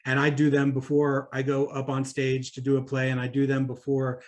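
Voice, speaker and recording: A man speaking at a conference about public speaking, conversational and animated, with fillers and quick laughs. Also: mid-range voice. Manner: animated, demonstrates voice exercises aloud.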